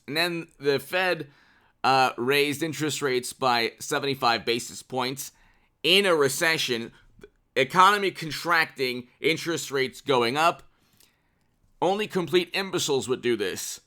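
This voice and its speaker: A man's voice: medium pitch, bright, forceful tone. A man hosting his own political commentary channel, reading out headlines and mocking them in a sarcastic, off-the-cuff way.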